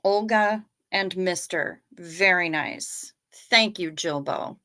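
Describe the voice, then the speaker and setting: A woman's voice: lowish voice, takes it slowly, bright, forceful tone. A woman hosting a casual livestream, reading viewers' comments aloud and chatting back to them in a friendly, apologetic way. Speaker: livestream host reading chat.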